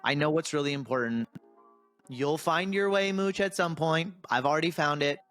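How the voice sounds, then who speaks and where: Higher-voiced man chiming in on a podcast. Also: moderate pace, fairly bright tone, faint music behind. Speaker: podcast co-host. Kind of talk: casual chat.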